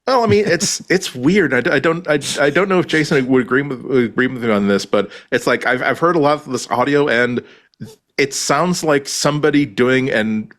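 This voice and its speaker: A man's voice: medium pitch, fairly quick, a bit bright. A man co-hosting a casual tech podcast, talking in long rambling runs with many restarts. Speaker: podcast co-host.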